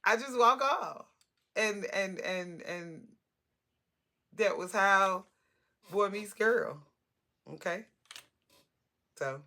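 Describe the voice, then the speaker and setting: Gravelly, animated woman telling a story. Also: medium pitch, very slow, long pauses. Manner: animated, talkative, blunt and salty. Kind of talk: casual storytime vlog.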